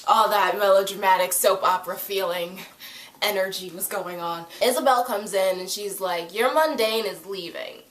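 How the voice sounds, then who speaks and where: A woman's voice: fairly low pitch, moderate pace, a bit bright, reverberant, slight background noise, poor audio. A young woman vlogger chatting casually through a TV episode recap, gushing and full of "like" as she acts out quotes.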